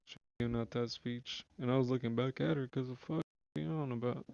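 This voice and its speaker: A man's voice: mid-range voice, steady tone, fast talker, vocal fry, a little mellow, no room sound, muffled recording. A young man streaming live, telling a long story in casual slangy speech with lots of swearing and restarts. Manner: rambling, slangy, swears freely, restarts often.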